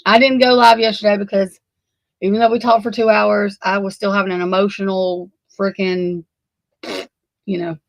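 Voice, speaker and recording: A female livestream host chats casually in a mid-range, flatly delivered voice at normal speed, rambling, flustered, and cussing freely. The close mic is dry with no room sound, and the audio is lo-fi.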